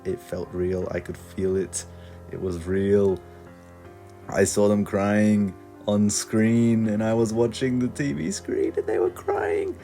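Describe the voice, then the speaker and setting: A young man with a low, dark, mellow voice recounts a mock horror story. He rambles in a deadpan way and strings everything together with "and then". Faint music sits behind him. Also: takes it slowly, gravelly. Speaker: creepypasta parody narrator.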